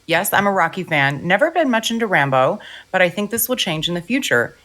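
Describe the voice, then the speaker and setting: A woman's voice: fairly low pitch, very animated, brisk, a bit bright. A woman co-hosting a film podcast, chatting casually, laughing easily and reading listener email aloud. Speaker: podcast co-host.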